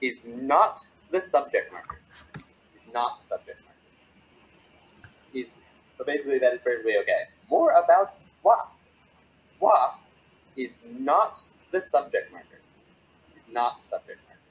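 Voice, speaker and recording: A man's voice: mid-range voice, a little slow, long pauses, slight background noise, poor audio. A man teaching Japanese grammar in a recorded video lesson, acting out example sentences. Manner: animated, acts out example sentences.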